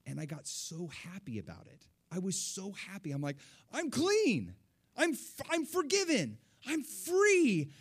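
Telling a personal story from the pulpit, a preacher speaks with animation and excitement. When he recalls joyful moments, his voice soars upward.

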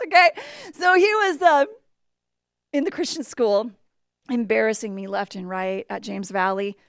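A middle-aged woman giving a sermon to a congregation, telling stories that move between hushed asides and loud outbursts. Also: sits high, no room sound, studio quality. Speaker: church speaker and mother.

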